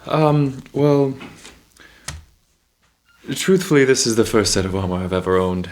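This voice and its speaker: A man playing a tabletop game, speaking in a tentative, measured way. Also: medium pitch, animated. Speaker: player. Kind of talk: casual tabletop role-play.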